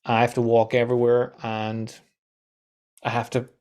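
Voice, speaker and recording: A man, a guest on a podcast, telling animated stories and acting out quoted voices, with casual swearing. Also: medium pitch, moderate pace. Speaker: guest, content coach.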